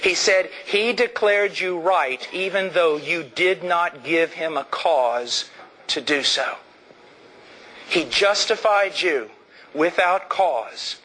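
Male preacher, high forceful voice, fiery emphatic sermon delivery. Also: a little hiss or hum, poor audio. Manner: emphatic, rises to shouting, slows down for stress.

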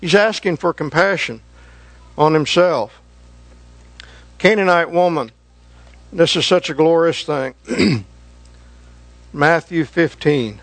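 A man delivers a sermon in a slow, deliberate, earnest way. His voice sits high for a man and climbs higher when he presses a point. The sound is dry and close, with no room around it. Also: fairly bright tone, dry recording. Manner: slow, earnest preaching that rises in pitch for emphasis. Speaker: preacher.

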